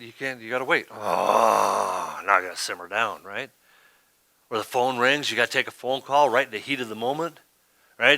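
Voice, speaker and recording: A man's voice: mid-range voice, bright, forceful tone, no echo. A man preaching a sermon as pastor, talking in a conversational way and often asking "right?".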